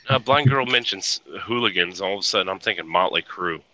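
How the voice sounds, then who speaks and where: A man's voice: low voice, a little fast, a crowd in the background, poor audio. A man telling crude jokes and stories in a casual group voice chat. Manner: crude joking storyteller. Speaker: chat participant.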